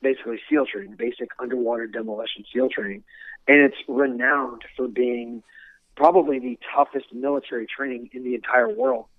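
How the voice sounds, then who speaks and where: A former military instructor, interviewed about his career, speaks briskly in an expressive, medium-pitched voice. He tells his stories earnestly, often restarting his words, and the dry audio sounds narrow and tinny.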